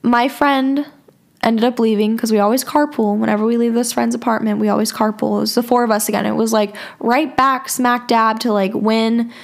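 Young adult woman, podcast host, slightly high-pitched; loose, filler-heavy storytelling with casual swearing. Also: fairly even intonation, normal speed, gravelly. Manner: chatty, lots of filler "like", swears freely.

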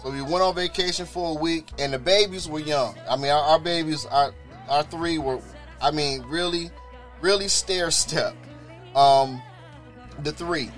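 A man with a somewhat high voice tells his own story in a loose, spoken testimony style. He brings the story to life by acting out what others said, and he often repeats words and starts over mid-sentence. Faint music plays softly behind him. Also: measured pace. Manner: animated, acts out others' voices in quoted dialogue. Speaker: storyteller sharing a personal testimony.

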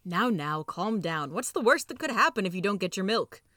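A woman's voice: medium pitch, expressive, moderate pace, pushed and bright, no room sound, studio quality. A woman reading the part of a stern male police officer, firm and official in a storybook reading.

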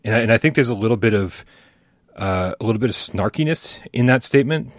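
A man's voice: lowish voice, expressive, fairly quick, dry recording, studio quality. A man co-hosting a casual gaming podcast, talking frankly and wryly with frequent restarts. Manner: rambling, restarts, frank and wry. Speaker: podcast co-host.

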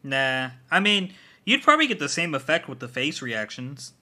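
A man's voice: a little high, very animated, moderate pace, bright, forceful tone. A man in casual chat as a podcast co-host, talking bluntly and swearing freely.

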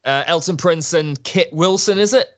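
A man co-hosting a wrestling chat show, enthusiastic and jokey in a relaxed conversational way. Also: a little high, normal speed. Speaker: wrestling podcast co-host. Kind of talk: casual chat.

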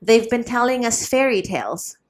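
A woman's voice: fairly high pitch, sing-song, moderate pace, voice pushed up. A woman voicing an astute, contemptuous young male Dominican friar who speaks with disdain. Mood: disdainful.

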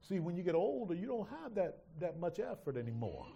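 A male pastor preaching a sermon, swinging from hushed asides to loud shouts and teasing his congregation. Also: sits high, sing-song, fairly quick, vocal fry, slightly rough, muffled recording.

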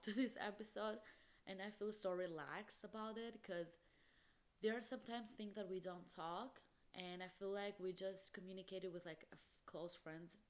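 A young woman hosting a solo podcast, talking emphatically and passionately, with lots of "literally" and "like". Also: fairly low pitch. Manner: emphatic, impassioned, peppered with "literally" and "like". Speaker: podcast host.

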